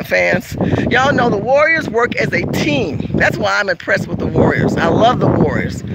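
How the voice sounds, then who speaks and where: Gravelly, emphatic woman streamer. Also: on the high side, very noisy. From California. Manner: emphatic, preachy, repetitive, talks straight to viewers. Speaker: livestream host reading viewer comments. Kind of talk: casual livestream commentary.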